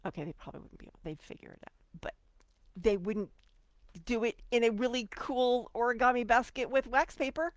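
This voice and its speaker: Animated woman host, dry close sound. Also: on the high side, fairly quick, dry recording. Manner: animated, playful, jumps between loud and quiet. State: getting emotional. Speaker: podcast host. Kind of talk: motivational solo talk.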